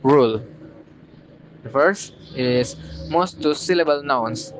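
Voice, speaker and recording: A young man with an Indonesian accent gives a recorded class presentation. He reads at an unhurried, deliberate pace, pausing between short phrases, in a voice of middling pitch. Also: crowd noise, low-quality recording. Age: young adult. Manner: slow, careful reading with pauses between phrases. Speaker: student.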